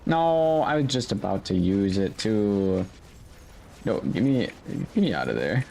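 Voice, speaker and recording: A man giving relaxed, unbothered commentary while playing a video game. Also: low voice, measured pace, vocal fry, slight background noise. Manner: laid-back, unbothered remarks while playing. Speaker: gaming channel host. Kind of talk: casual gameplay commentary.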